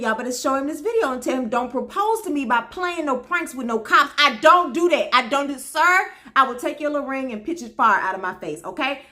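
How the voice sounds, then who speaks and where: A woman from Memphis, telling a funny personal story to her viewers in an animated, folksy way. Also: high-pitched. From Memphis, Tennessee. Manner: animated, talks straight to viewers with folksy asides. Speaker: storyteller host.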